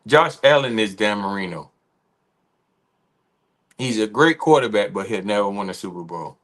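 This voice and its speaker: A man's voice: lowish voice, animated, moderate pace, fairly bright tone. A man co-hosting a casual sports chat on a livestream, talking in an assured way. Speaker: co-host.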